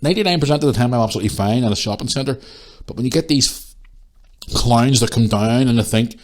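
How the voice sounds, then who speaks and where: A man's voice: medium pitch, darkish tone. A man hosting a podcast, ranting in a casual monologue, exasperated and swearing freely as he retells encounters. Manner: retells encounters with quick changes of voice. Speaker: podcast host.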